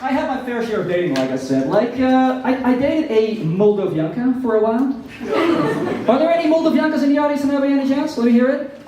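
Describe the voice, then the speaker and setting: A man's voice: very high-pitched, lively intonation, fast talker, mellow, slight background noise. A man doing a stand-up comedy set, telling self-mocking stories with acted quotes, in a café with a live audience. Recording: echoey room, distant mic, crowd laughter.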